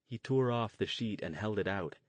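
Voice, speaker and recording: A man reading an audiobook as narrator, in steady storytelling. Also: lowish voice, normal speed, no room sound. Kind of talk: scripted narration.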